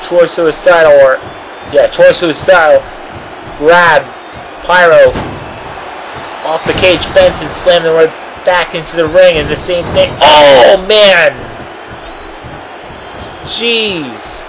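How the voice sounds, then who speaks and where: Excitable young-sounding male wrestling commentator. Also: fairly high pitch, measured pace, long pauses, background noise. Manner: excitable, frequent oh and oh man exclamations. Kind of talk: amateur play-by-play commentary.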